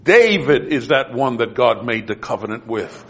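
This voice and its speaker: A man preaches through a Bible passage, lingering on key phrases and repeating them to drive them home. His voice sits in a middle pitch and climbs with fervor at times. The sound is dull and lo-fi. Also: very animated, moderate pace, hardly any pauses, slightly rough. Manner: teaching, rising to fervent emphasis. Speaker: pastor. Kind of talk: sermon.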